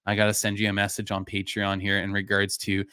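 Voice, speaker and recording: Male stream host, lowish pitch, slightly hoarse, loose chatty delivery, dry close sound. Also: fairly quick, no room sound. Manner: relaxed, rambling, many fillers and restarts. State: voice going a bit hoarse. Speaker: live-stream whisky reviewer, host. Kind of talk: casual live-stream chat, answering viewer comments.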